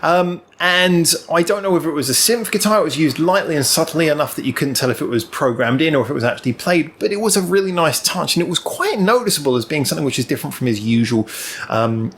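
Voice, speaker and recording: A man's voice: a little high, expressive, fast, fairly bright tone, a little hiss or hum. A man hosts his own music review channel, thinking aloud as he talks through a song. He rambles and restarts often, filling gaps with ums. He is recorded alone indoors, speaking to a camera in front of him. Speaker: music reaction channel host.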